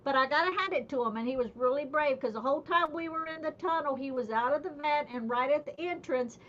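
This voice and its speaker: A high-voiced woman hosts a casual chat and tells rambling, folksy stories. The sound is dull and lo-fi, like an online call. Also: quick pace, a bit bright, a little hiss or hum. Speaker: host. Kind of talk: casual group chat, storytelling.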